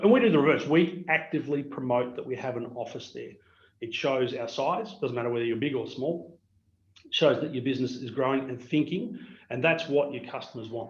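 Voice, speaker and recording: A middle-aged Australian man, a business owner, telling animated anecdotes to peers on a video call. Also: mid-range voice. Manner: anecdotal, animated storyteller acting out dialogue. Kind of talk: storytelling keynote on a video call. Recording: roomy, dull video-call audio.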